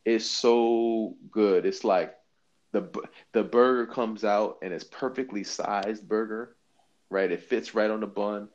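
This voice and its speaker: A man co-hosting a podcast, talking in an animated, emphatic, slangy way and swearing freely. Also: lowish voice, unhurried, lo-fi sound. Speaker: podcast co-host. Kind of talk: casual chat. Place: New York.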